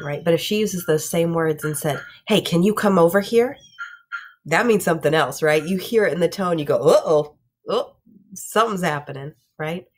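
A woman's voice: deep voice, a little mellow, husky. A woman teaching a middle school class, explaining patiently with everyday examples and checking in with "okay?" and "right?" after each point. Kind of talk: classroom lecture.

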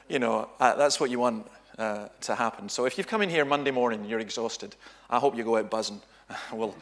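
A Scottish man speaks as a guest at a church teaching session, in an easygoing, conversational voice pitched in the middle range. He tells stories with dry humor and often stops to rephrase himself. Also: bright, forceful tone. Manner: conversational, humorous, self-correcting storyteller. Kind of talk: informal church teaching talk.

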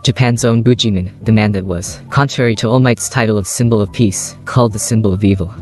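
A man narrating a fan fiction story in a steady, even read-aloud manner. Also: lowish voice, fast talker, soft background music.

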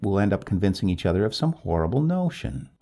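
A man's voice: big pitch swings, quick pace, vocal fry, mellow, heavily acted. A man putting on a cool, wry newlywed woman. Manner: composed and wryly reasonable in a raised falsetto. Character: calm, wry newlywed woman over thirty.

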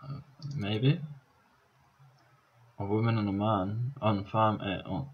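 A man's voice: on the low side, fairly even intonation, slow, breathy edge, highs cut off. A Scottish man casually commentating on his own language-app practice, thinking aloud and chuckling at his mistakes. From Scotland. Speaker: vlogger. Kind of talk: casual let's-play commentary.

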